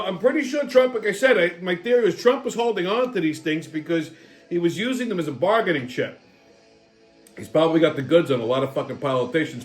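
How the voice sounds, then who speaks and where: Profane, ranting male commentary host. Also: on the high side. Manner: profane, ranting, repeats himself. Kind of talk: political rant, casual commentary.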